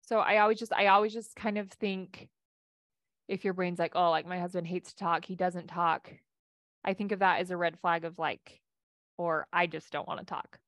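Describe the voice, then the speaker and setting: A woman's voice: on the low side, fairly even intonation, normal speed, a bit bright, no echo, clean studio sound. A woman life coach giving a casual coaching talk and answering audience questions, with a chatty delivery full of restarts.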